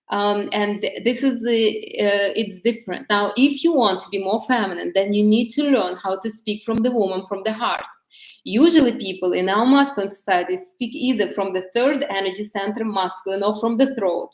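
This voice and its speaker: Female coach, mid-range voice, gentle and halting delivery with many fillers, recorded in an echoey room. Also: medium pitch. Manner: hesitant, many fillers and restarts, gentle explaining tone. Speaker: femininity coach. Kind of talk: casual instructional talk to camera.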